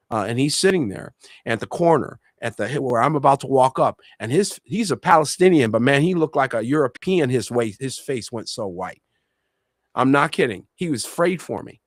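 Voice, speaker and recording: A man's voice: mid-range voice, no echo. A middle-aged man from Puerto Rico sharing a personal testimony in a religious discussion, speaking with passion and repeating his key phrases for emphasis. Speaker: co-host and minister.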